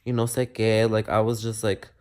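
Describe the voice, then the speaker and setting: A young man vlogging a casual storytime to camera, animated and full of swearing, dropping in Spanish words. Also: lowish voice, normal speed.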